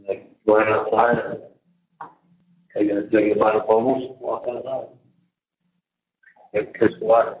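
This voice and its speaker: A man on a jail phone call, talking in a rambling, halting way that keeps restarting and repeating words. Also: lowish voice. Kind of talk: casual phone conversation. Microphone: phone handset. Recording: tinny, echoey prison phone line.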